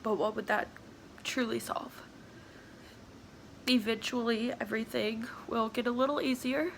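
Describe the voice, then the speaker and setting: A sniffling, tearful woman speaks in a personal confessional vlog from her home, her voice pitched a little high and roughened with fry. She talks slowly and haltingly, often sinking into soft whispers, with a faint room hum behind her. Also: fairly even intonation. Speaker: vlogger.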